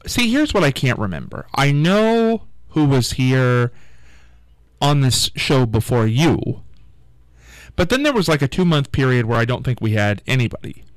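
A man's voice: medium pitch, big pitch swings, unhurried, no echo, rough recording. A male radio host in casual on-air chat, rambling and searching for his words.

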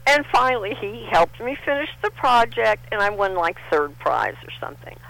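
Lively, bright-voiced older woman telling stories. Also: mid-range voice, normal speed, creaky, low-quality recording. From Texas. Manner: animated storyteller, acts out quotes. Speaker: guest. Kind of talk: casual interview storytelling.

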